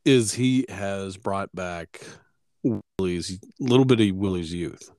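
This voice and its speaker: A man's voice: sits low, slow, darkish tone, no room sound, clean studio sound. A man co-hosting a podcast, chatting casually and joking about his dogs, swearing freely and acting out what the dog and neighbors would say. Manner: joking, profane, acts out his dog and neighbors in funny voices. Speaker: podcast co-host. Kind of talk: casual chat.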